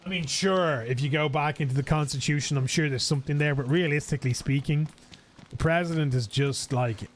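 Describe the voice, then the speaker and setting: A man's voice: fairly high pitch, fairly quick. A man with an Irish accent chatting casually and rambling while streaming a game. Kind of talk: casual gaming stream chat.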